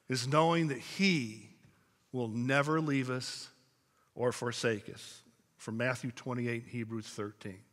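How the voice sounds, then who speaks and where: A man's voice: a little high, a bit bright. A man preaching a sermon to his congregation, telling stories and calling out to the room. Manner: storytelling preacher, speaking to a congregation. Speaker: pastor. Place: church sanctuary. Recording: long hall reverb.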